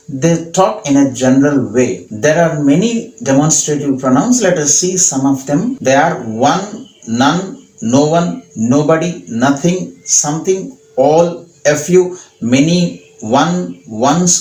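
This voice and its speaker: A man with an Indian English accent teaching a grammar lesson slowly, repeating each example sentence. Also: fairly high pitch, animated, a little mellow. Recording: echoey room.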